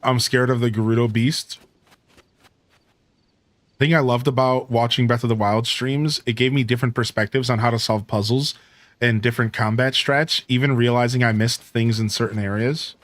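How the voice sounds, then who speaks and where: A man streaming a game, giving casual commentary and telling stories, chatty and animated, full of "like" and "dude". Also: medium pitch, normal speed, no room sound.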